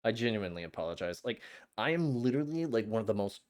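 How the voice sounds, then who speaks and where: A young man streaming a game, chatting to his viewers in an excitable, flustered way with frequent stammers. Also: fairly low pitch, quick pace. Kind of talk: casual live-stream chat.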